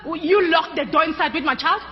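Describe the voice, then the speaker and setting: Fast, accusing parent in an echoing hall. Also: extremely high pitch. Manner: accusing, incredulous, half-laughing. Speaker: parent confronting someone. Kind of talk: filmed confrontation. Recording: dull, reverberant recording with a crowd behind.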